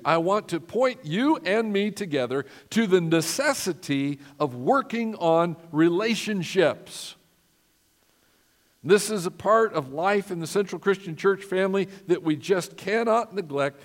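Emphatic preacher in a reverberant church. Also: male voice, a little high. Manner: earnest, emphatic preaching that asks the congregation for responses. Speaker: pastor. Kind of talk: sermon. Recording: long reverb of a church hall.

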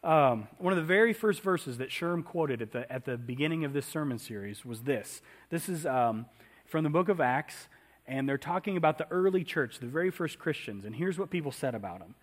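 A man's voice: fairly high pitch, lively intonation, fairly quick. A man preaching a conversational sermon in a church, often asking the congregation questions. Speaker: pastor.

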